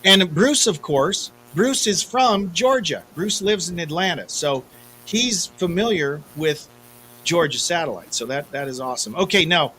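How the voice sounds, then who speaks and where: A man's voice: on the high side, animated, unhurried, bright, forceful tone, a little hiss or hum, low-quality recording. A man in his fifties co-hosting a podcast in casual chat, telling self-deprecating stories. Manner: chatty storyteller, self-deprecating. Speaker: podcast co-host.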